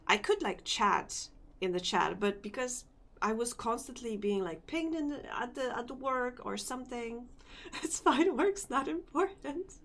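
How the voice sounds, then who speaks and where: Slow-talking sleepy woman streamer. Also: on the high side, gravelly, fairly bright tone. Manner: rambling, repeats phrases, talks to chat. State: sleepy, yawning. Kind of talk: casual live-stream chat.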